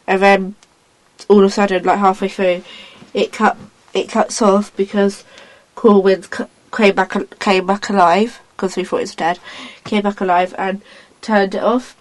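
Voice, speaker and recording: A woman in casual chat, retelling a story in a rambling, excitable way, acting out lines as she goes. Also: medium pitch, normal speed, low-quality recording.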